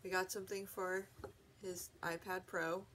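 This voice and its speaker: A woman's voice: lowish voice, flat delivery, measured pace, a bit bright, slight background noise. A woman hosting a home video, chatting casually and correcting herself as she unboxes a gadget. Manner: chatty, rambling, self-correcting. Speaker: vlog host.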